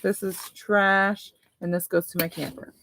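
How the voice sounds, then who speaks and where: Gravelly-voiced mom chatting while decluttering. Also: female voice, mid-range voice, level tone, a little slow, a bit bright, a little hiss or hum, rough recording. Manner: chatty, rambling, thinks aloud while sorting. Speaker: mom vlogger hosting a livestream. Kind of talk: casual live decluttering chat. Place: home dining room.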